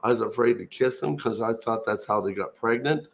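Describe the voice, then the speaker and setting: A man's voice: fairly low pitch, a little fast, creaky. Older man telling a rambling childhood story. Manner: rambling anecdotes with restarts. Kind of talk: casual chat, storytelling.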